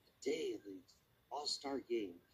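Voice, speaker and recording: A man tells a children's sermon in a breathy, husky voice. His pitch rises and falls a great deal as he tells the story. He keeps stopping to ask the young listeners questions. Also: measured pace, poor audio. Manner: animated, asks listeners questions.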